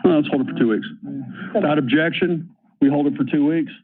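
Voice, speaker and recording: A man's voice: fairly high pitch, a little fast, crowd noise. A man chairing a city council committee meeting, running votes and reading agenda items in a rattling list. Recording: tinny phone-like meeting audio.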